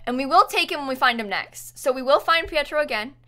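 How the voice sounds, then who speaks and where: A woman live-streaming a video game, chatting with viewers in an excitable, dramatic, giggly way. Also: high voice, fast talker, faint music behind. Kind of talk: live-stream chat while gaming.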